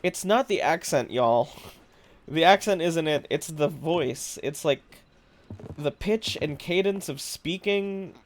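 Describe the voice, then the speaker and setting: A man's voice: a little high, animated, takes it slowly. A man streaming a game live, chatting casually with viewers, musing aloud and laughing often. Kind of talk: casual live-stream chat while gaming.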